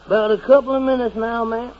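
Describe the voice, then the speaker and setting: A man's voice: extremely high pitch, level tone, quick pace. An actor playing a folksy male train porter in an old radio-style drama. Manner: folksy, calls people man. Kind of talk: 1940s radio acting. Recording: muffled old radio recording with hiss.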